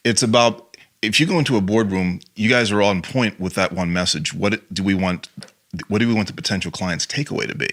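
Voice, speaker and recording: A man's voice: fairly low pitch, fairly quick, a bit bright. A man speaking as a guest on an interview, an acting and improv teacher talking casually with many "you know" fillers.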